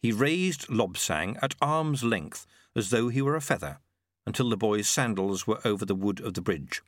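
With a lowish voice and moderate pace, a male audiobook narrator performs scripted narration of a novel expressively. The recording is dry and of studio quality.

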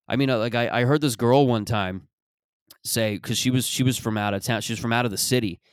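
A man's voice: mid-range voice, brisk, dry recording, studio quality. A man from Mississauga, Canada, hosting a podcast and rambling through a sarcastic, profane comic monologue full of restarts. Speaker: podcast host.

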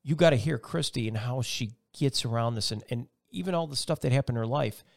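Male podcast host, quick and gravelly, eager and rambling. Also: mid-range voice. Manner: rambling, eager, restarts often. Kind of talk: casual interview chat.

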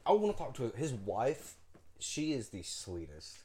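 A young man co-hosting a podcast, chatting casually in an emotional, animated way and telling playful stories. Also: mid-range voice, a little slow. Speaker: podcast co-host. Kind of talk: casual chat.

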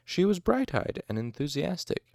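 A man's voice: a little high, sing-song, moderate pace, vocal fry, a little mellow, no room sound, clean studio sound. A man reading a novel aloud expressively, with occasional asides and self-corrections. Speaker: audiobook narrator.

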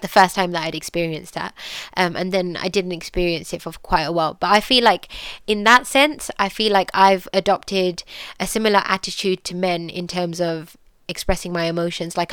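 Young British woman, personal storytelling, soft-spoken, clear smooth voice, dry close sound. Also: lowish voice, no room sound. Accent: British English. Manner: soft-spoken, frequent ums and likes. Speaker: podcast guest sharing her story.

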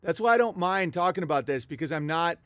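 A high-pitched man rants through a political monologue in a heated, profane, mocking way. His voice sits dry and close to the mic. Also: lively intonation, fast, a bit bright, no room sound. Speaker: political commentator.

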